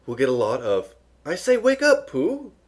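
A man's voice: mid-range voice, very animated, moderate pace, a little mellow, husky. A man voicing a small, timid male piglet who talks in a fussy, practical way.

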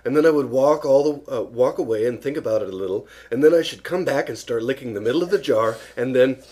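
Honey-loving bear, eager and rambling, husky lively voice, read by a man. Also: mid-range voice, measured pace. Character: honey-loving good-natured male bear.

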